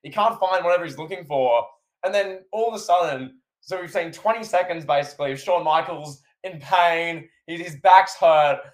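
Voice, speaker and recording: Guy on a podcast, fairly high voice, gets really worked up retelling a wrestling match. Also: normal speed. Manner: animated, acts out commentators' lines. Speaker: podcast co-host. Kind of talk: casual chat.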